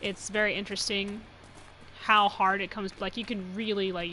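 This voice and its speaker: A young woman from New Mexico talks her way through a game stream in a loose, rambling way, laughing often and leaning on "like." Her voice is bright and forward. A faint hiss sits under her voice. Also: mid-range voice, steady tone, unhurried, pauses often, low-quality recording. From New Mexico, USA. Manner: chatty, rambling, laughs often, says "like" a lot. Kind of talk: casual live-stream commentary.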